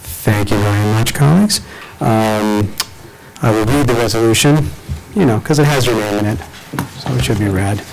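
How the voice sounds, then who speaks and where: A man's voice: on the low side, normal speed, creaky, a little hiss or hum, rough recording. Jokey man chairing a board meeting. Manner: casual and jokey while running procedure. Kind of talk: chairing a public meeting, joking asides.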